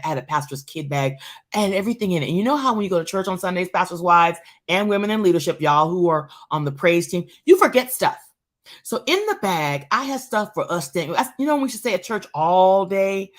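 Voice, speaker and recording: A woman hosting a live church show, telling a story as a testimony, animated and talking straight to her listeners, often repeating her phrases. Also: fairly low pitch.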